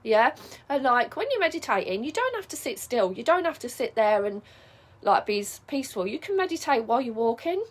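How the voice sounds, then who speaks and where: A woman's voice: a little high, sing-song, brisk. A middle-aged woman coaching viewers in a casual advice vlog, chatty and reassuring, often checking in with "yeah?". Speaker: spiritual life coach.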